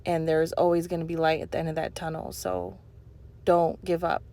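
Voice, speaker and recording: A woman's voice: low-pitched, flat delivery, normal speed, vocal fry, mellow. A young woman talking over her cleaning vlog in an earnest, rambling way, full of "you know" fillers. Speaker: cleaning vlogger. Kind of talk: heartfelt voice-over chat.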